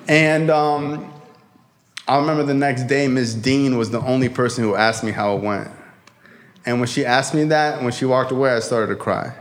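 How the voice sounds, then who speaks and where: A man telling a personal recovery story to a live audience, in a casual, profane, slangy way with frequent fillers. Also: mid-range voice. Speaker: speaker sharing a recovery story.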